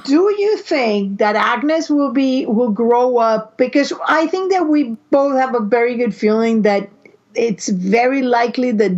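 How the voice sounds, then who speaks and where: A woman's voice: a little high, lively intonation, unhurried, darkish tone. Theorizing woman podcast co-host, lo-fi audio. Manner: theorizing, restarts a lot. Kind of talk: casual podcast chat. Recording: muffled lo-fi sound.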